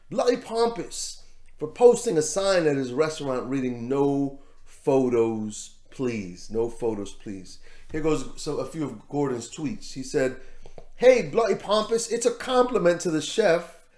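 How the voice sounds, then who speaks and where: A man's voice: a little high, darkish tone, roomy sound. A man giving casual, rambling commentary on a news story as host of his own show, repeating words as he goes. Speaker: vlog host.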